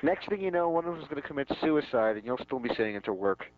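A man's voice: medium pitch, lively intonation, fast. A man co-hosting a podcast in casual chat, blunt and teasing. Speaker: podcast co-host. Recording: dull lo-fi sound.

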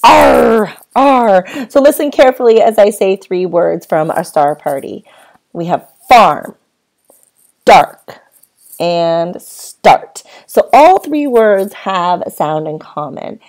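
A woman teaching a phonics lesson to first graders, speaking slowly and clearly and talking as if the children are answering her. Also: lowish voice, very animated, darkish tone. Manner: slow, clear, patient teacher voice with drawn-out words.

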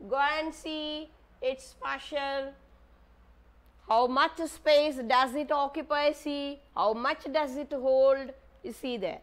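A woman's voice: high voice, fairly even intonation, slow pace. A woman with an Indian English accent, teaching a maths lesson to young children, patiently asking questions and spelling words out letter by letter. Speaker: primary school teacher.

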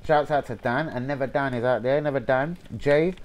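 A young man, hosting a football channel, reading out viewer shout-outs in a chatty, sweary way and stumbling over names. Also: medium pitch, normal speed, slight background noise.

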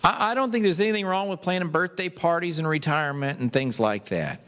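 A male pastor preaches with emphatic fervor, his fairly high voice rising and falling in wide swings. He takes his time with each phrase. The sound carries a long reverberant tail, as in a large church hall. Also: lively intonation, a little fast, a bit bright, clear, resonant tone. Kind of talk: sermon.

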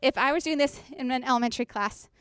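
A woman's voice: sits high, fast talker, fairly bright tone, clear, resonant tone, dry recording. Woman leading a church teacher workshop, chatty, keeps asking okay?, dry mic sound. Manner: chatty, checks in with the audience. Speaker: children's ministry workshop presenter. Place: conference workshop room. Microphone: handheld mic.

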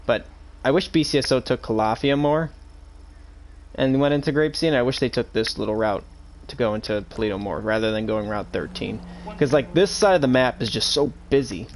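A man's voice: medium pitch, brisk, slight background noise. A young man chatting casually and rambling while streaming a police role-play game, swearing freely and slipping into officer radio talk.

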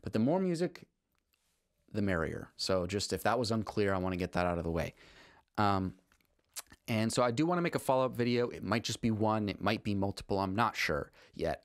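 A man's voice: low voice, lively intonation, brisk, no echo, studio quality. A man teaching music composition in a casual, rambling way, enthusiastic and full of restarts. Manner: rambling, with frequent restarts and fillers. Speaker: composer teaching on a video channel. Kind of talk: casual spoken lesson.

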